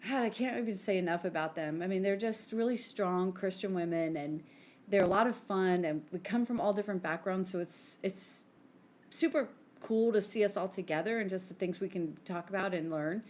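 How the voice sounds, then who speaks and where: A woman's voice: mid-range voice, normal speed, darkish tone. A woman in her forties co-hosting a podcast, telling stories in a chatty way with lots of "like" and acted-out quotes. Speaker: podcast co-host. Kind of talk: casual chat.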